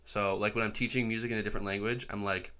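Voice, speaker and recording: A man's voice: lowish voice, little pitch movement, quick pace, sharp tone, clean tone. A young man co-hosting a podcast in a casual, joking chat and laughing often. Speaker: podcast co-host.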